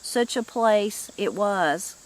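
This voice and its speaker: A woman reading as a gentle, grateful immigrant mother, soft and earnest. The delivery is slow and steady. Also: medium pitch, close to an everyday voice.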